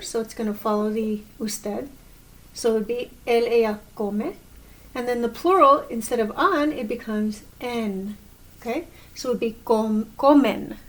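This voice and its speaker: A woman teaching a grammar lesson, explaining slowly and patiently and correcting herself as she goes. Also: a little high. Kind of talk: recorded classroom lesson.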